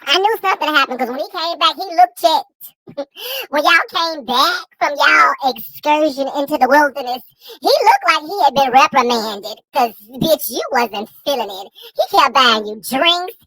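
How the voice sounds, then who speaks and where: Adult friend, casual podcast chat, sassy profane gossip, very high bright voice. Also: expressive, moderate pace, dry recording, poor audio.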